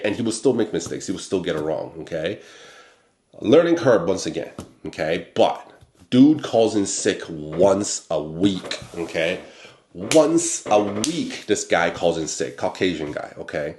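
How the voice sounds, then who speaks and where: A man hosting a talk show, telling a personal work story in a blunt, animated way, often tagging "okay?" onto his points. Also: low voice, roomy sound. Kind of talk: casual storytelling monologue.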